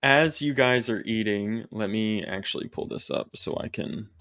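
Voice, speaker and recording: A man narrating as game master, slow and descriptive with occasional fillers. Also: fairly low pitch, a bit bright, no room sound.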